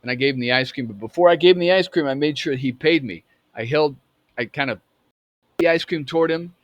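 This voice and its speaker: A man in his fifties telling a personal story in a halting way, with many restarts. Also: medium pitch, a bit bright, no room sound, highs cut off. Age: 50s. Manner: halting, full of restarts and fillers. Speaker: storyteller recounting a memory.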